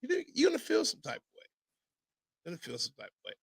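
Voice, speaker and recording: A man hosting a casual podcast chat, telling stories as a father in an animated, profane way and mimicking other people's voices. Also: extremely high pitch, fast, creaky, breathy edge. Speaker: podcast host.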